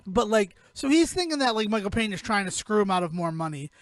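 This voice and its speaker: High-pitched man, casual podcast chat, animated and rambling, cursing freely, dry close sound. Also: fast talker, no room sound. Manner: animated, rambling, swearing, jumps into quoted voices. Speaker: podcast co-host.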